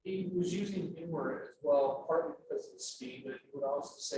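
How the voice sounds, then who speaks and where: A man's voice: a little high, wildly swooping pitch, brisk. A man in the audience making thoughtful comments from the floor. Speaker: audience member. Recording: very echoey hall from far off, crowd audible.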